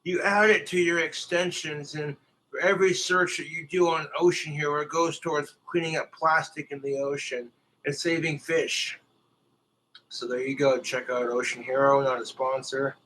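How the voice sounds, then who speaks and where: A man's voice: on the high side, flat delivery, moderate pace, pushed and bright, slight background noise, rough recording. A man ranting crudely and profanely on a livestream, talking straight to his viewers. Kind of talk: livestream rant.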